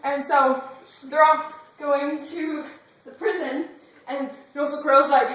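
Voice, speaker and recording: A woman giving a casual, animated plot recap and acting out the characters' lines. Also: high-pitched, takes it slowly. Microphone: phone. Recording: echoey room, far from phone mic.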